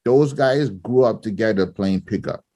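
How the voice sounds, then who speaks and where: Relaxed Nigerian-born man, dry close sound. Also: lowish voice, normal speed, no echo. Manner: relaxed, laughs easily, many fillers. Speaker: guest, former coach and parent. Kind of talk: casual interview chat.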